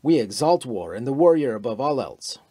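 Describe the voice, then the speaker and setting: A man's voice: medium pitch, sing-song, normal speed, dark tone, husky, dry recording. A man reading the part of a fanatical young Nazi officer in an audiobook, in a fervent, pressing voice.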